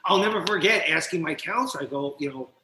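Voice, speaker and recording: A man's voice: a little high, roomy sound, a little hiss or hum, low-quality recording. A man from New Jersey, a podcast guest and coach, telling his story candidly and acting out scenes as he goes. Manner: animated, quick, acts out scenes as he tells them.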